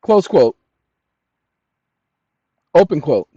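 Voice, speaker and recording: A man hosting his channel, lecturing viewers emphatically and addressing them as "ladies and gentlemen", sometimes dictating text slowly and deliberately. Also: on the high side, big pitch swings, slightly rough, no room sound, highs cut off. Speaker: channel host.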